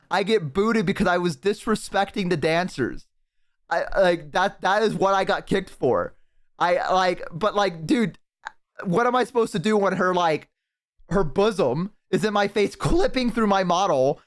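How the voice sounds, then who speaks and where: Fairly high-voiced profane streamer man. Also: a bit bright. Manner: profane, rambling, bursts of laughter. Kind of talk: casual storytelling to chat. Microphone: headset.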